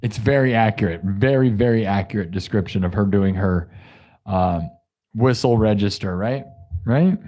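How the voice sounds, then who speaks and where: Warm and fairly low, this man's voice moves at an ordinary speed as he runs a livestream of improvised music and stories. His talk is loose and meandering, full of jokes aimed at viewers.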